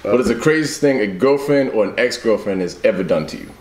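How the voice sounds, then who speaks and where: A man's voice: fairly low pitch, animated, quick pace, darkish tone, a little hiss or hum. A man hosting a podcast, asking questions in an easygoing, joking way. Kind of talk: casual chat. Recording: roomy recording.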